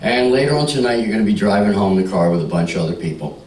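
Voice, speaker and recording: A male stand-up comic working a club crowd, brash and teasing, his pitch swinging up and down as he sells each joke. He sounds a bit off the mic, with an echoey room around him. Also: animated, racing, a little mellow, far from the mic. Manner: brash, teasing, bawdy banter with the audience. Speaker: stand-up comedian. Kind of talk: stand-up comedy with crowd work. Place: comedy club stage.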